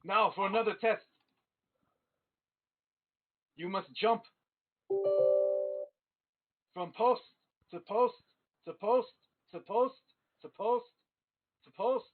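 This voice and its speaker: A man voicing a stern old monk master who shouts commands at his trainees. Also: medium pitch, big pitch swings, measured pace, breathy edge, heavily acted. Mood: commanding. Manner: barking commands. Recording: tinny phone-like stream audio.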